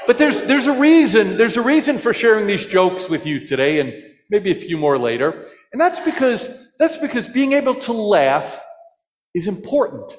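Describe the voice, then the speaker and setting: A joking preacher in a reverberant church. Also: male voice, high-pitched, normal speed. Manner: storytelling, animated, asks the congregation questions. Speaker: pastor. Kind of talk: sermon with jokes.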